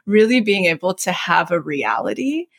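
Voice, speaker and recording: A woman's voice: on the low side, big pitch swings, moderate pace, no room sound. A woman in her thirties hosting a podcast, talking earnestly and heartfelt with many fillers in casual conversation. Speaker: podcast host.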